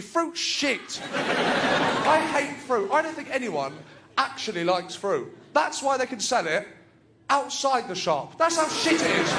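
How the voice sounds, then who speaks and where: A man's voice: very high voice, sing-song, measured pace. A stand-up comedian with a nasal voice, performing his routine on a club stage. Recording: live club recording, loud crowd laughter and noise.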